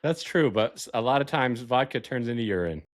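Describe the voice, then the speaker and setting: Teasing young host with crude banter. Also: male voice, mid-range voice, lively intonation, fairly quick. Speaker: podcast host. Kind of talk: casual chat.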